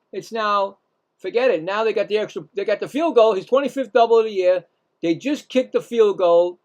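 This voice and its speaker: Guy doing live baseball play-by-play, kinda high and gravelly, rambly and jokey. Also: darkish tone. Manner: rambling, self-mocking, stumbles and corrects himself. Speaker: play-by-play host. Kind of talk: casual live baseball commentary.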